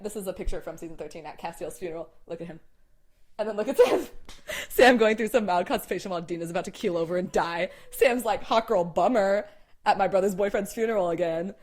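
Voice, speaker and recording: A young woman hosting a casual chat, animated, swearing and packing her talk with "like". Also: medium pitch. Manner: animated, swearing, many "like" fillers. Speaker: host.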